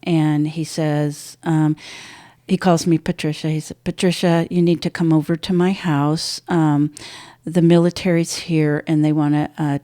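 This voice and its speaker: An older woman, a podcast guest, telling a painful personal story, halting and restarting, her voice dropping low and soft at hard moments. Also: little pitch movement, no echo, clean studio sound.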